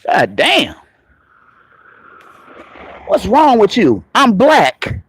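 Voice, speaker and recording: A man's voice: high voice, huge pitch swings, extremely slow, fairly bright tone, slightly rough, dry recording. A man hosting a livestream, ranting combatively and mocking commenters with profanity. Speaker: livestream host. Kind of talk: heated livestream rant to chat.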